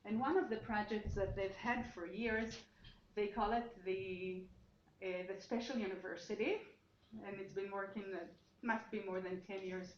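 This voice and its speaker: A woman's voice: mid-range voice, fairly even intonation, moderate pace. A woman presents her research at a seminar, explaining as she goes and often reworking her sentences mid-thought. Her voice carries through an echoey room with a dull, muffled tone and a faint hiss of noise behind it. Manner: explanatory, thinking aloud with frequent restarts. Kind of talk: academic seminar talk.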